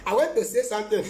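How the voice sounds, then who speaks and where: Emphatic high-voiced male preacher, echoey room. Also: a little mellow, a little hiss or hum. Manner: emphatic, repetitive, breaks into laughter. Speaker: prophet. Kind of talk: live-streamed prophetic sermon.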